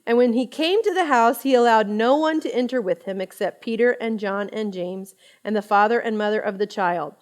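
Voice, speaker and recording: Woman, thirties, fairly high voice, chatty Bible study teacher, expressive and laughing. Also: normal speed, hardly any pauses.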